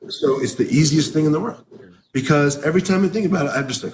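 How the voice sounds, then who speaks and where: The interview guest talks fast in a fairly high voice, giving a candid, salty-tongued, blunt answer about recovery. His recording carries a roomy echo along with faint background noise.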